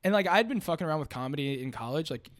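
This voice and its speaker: A man's voice: a little high, animated, rapid-fire. A young man from Virginia, a comedian guest in loose podcast chat, peppering his talk with "like" and "dude".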